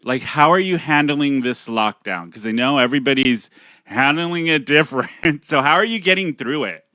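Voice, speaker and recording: A man hosting a casual podcast chat, giggly and bawdy, quick to laugh. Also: medium pitch, expressive, sharp tone, no echo, clean studio sound. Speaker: podcast host. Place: warm home studio.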